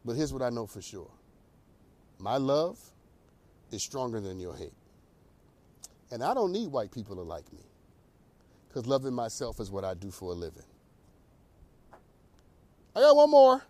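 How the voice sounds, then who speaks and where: A man hosting a talk show, delivering an animated, preacherly monologue. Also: medium pitch, unhurried, pauses often. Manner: animated, preacherly, laughs at own jokes. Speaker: host.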